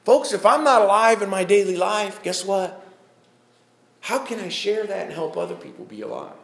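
Male preacher, middle-aged, folksy sermon delivery, animated rise and fall, slightly high voice, echoey church room. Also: normal speed, creaky. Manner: folksy, addresses congregation by name.

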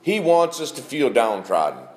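A man's voice: medium pitch, very animated, normal speed, reverberant. A middle-aged man preaching a sermon in a church, folksy, calling out members of the congregation by name.

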